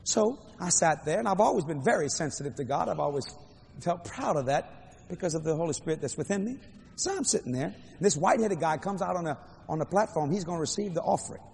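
An older man preaching a storytelling sermon in a large hall, animated and playful with dramatic swings. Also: on the high side, fast, creaky, slightly rough. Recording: echoey hall, faint crowd ambience.

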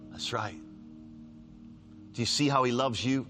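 A man preaching a sermon, reading scripture aloud with rising force and dropping to quiet, repeated appeals. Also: a little slow, soft background music. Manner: swings from loud raised scripture reading to low hushed pleading; repeats lines for emphasis.

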